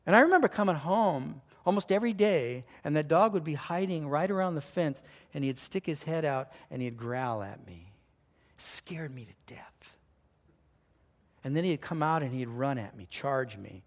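A man preaching to a congregation, his voice a touch higher than most men's. He tells stories with big swings in pitch and loudness, acting out the sounds, then drops low and quiet to drive a point home. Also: normal speed, few pauses. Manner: animated storytelling, acts out voices and sounds; drops to a hushed voice for emphasis. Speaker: pastor. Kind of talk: sermon.

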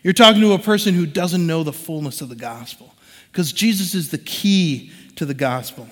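High-voiced preacher in a reverberant hall. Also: male voice, normal speed. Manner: conversational and animated, acts out quoted voices. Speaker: pastor. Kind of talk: sermon.

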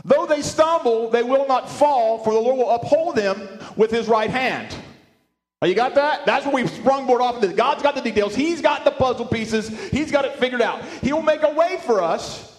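A male pastor preaching a sermon, animated, often restarting words and asking his congregation questions. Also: extremely high pitch, normal speed, echoey room. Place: church sanctuary with speakers.

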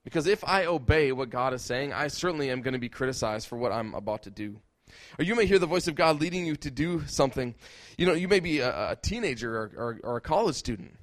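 A man delivers a sermon at a brisk clip, leaning on rhetorical questions and repetition. His pitch sits in the middle range for a man, and his delivery stays emphatic. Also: animated. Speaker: preacher.

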